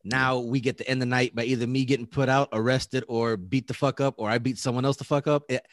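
Animated man telling a wild story. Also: mid-range voice, fast, no echo, studio quality. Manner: animated, acts out quotes, laughs often, swears. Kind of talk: casual storytelling chat.

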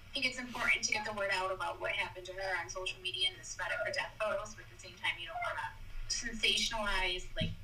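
Bright-voiced woman heard from a distance. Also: mid-range voice, slight background noise. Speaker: grieving mother and advocate. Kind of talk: casual conversation.

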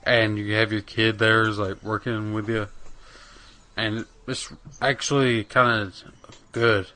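A young man co-hosting a podcast rambles casually about video games, full of fillers and swearing. His lowish voice is sharp in tone, fairly flat in pitch, and unhurried.

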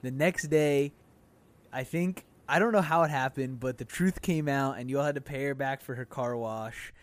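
A young man co-hosting a casual podcast chat, telling a story with lively acted-out quotes. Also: mid-range voice, moderate pace. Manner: animated storyteller, acts out quotes loudly. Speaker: podcast co-host.

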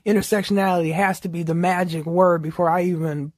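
A woman speaking in a casual podcast chat, measured and deliberate with vivid turns of phrase. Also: fairly low pitch, fairly even intonation, no room sound, studio quality.

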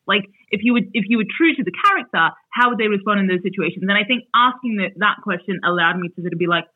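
A woman in her thirties talks easily as a guest author, full of fillers. Her voice comes through a little husky. The video call audio sounds tinny and narrow. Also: medium pitch, quick pace, hardly any pauses, no room sound. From Australia. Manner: chatty, many fillers, animated when retelling. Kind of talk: casual interview over video call.

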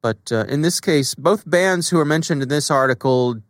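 A man co-hosting a podcast, talking in a relaxed, conversational way with filler words. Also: fairly high pitch, moderate pace, no echo, studio quality. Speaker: podcast co-host. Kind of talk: casual chat.

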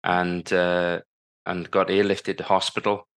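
A man's voice: sits low, monotone, measured pace, a bit bright. A man in his fifties, a podcast guest telling his story vividly and acting out the lines people said to him. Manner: vivid storyteller who acts out remembered dialogue. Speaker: guest, former Paralympic cycling champion.

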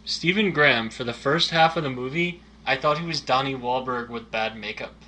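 A man's voice: medium pitch, moderate pace, pushed and bright, slight background noise. A man co-hosting a casual movie chat, giving dry, teasing, opinionated takes. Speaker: podcast co-host.

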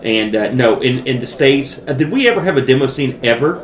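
A man's voice: medium pitch, expressive, fairly quick. A man co-hosting a podcast in casual chat, jokey and rambling, self-deprecating. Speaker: podcast co-host. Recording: echoey room with faint noise.

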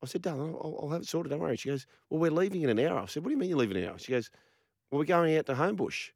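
An Australian man hosting a sports radio show, telling stories in an animated, chatty way. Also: fairly high pitch, rapid-fire, vocal fry, no echo, clean studio sound. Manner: animated storyteller, laughing. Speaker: radio host.

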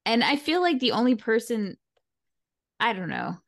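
A woman's voice: a little high, very animated, normal speed, vocal fry. A woman co-hosting a podcast in casual, amused chat. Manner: chatty and amused, with frequent laughs. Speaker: podcast co-host.

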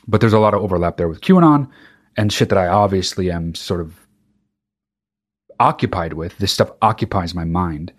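A man with a somewhat low voice hosts his own podcast, talking alone in a loose, casual monologue. He rants emphatically and swears freely. He often stumbles and restarts mid-sentence. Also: normal speed. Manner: animated, profane ranting with frequent restarts. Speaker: podcast host.

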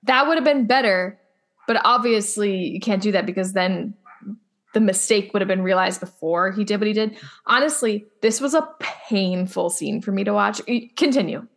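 A woman's voice: medium pitch, moderate pace, fairly bright tone. A woman co-hosting a casual podcast, talking emphatically and bluntly, swearing freely as she reacts to a TV episode. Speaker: podcast co-host. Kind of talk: casual chat recapping a TV episode.

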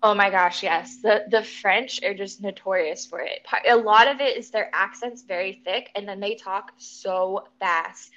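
A woman's voice: medium pitch, measured pace, few pauses, a bit bright. A young woman, a pilot, chatting casually as a podcast guest, laughing often and using lots of fillers. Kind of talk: casual interview chat. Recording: slightly dull lo-fi sound.

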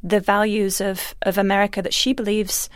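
A woman sports journalist giving thoughtful, measured answers in a radio interview. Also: medium pitch, little pitch movement, dry recording.

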